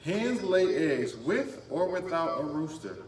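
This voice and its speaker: A man co-hosting a comedy podcast live on a bar stage, talking in animated casual banter. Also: fairly high pitch, takes it slowly. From rural upbringing. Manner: animated, laughing, excitable. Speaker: podcast co-host. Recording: roomy live recording from far off.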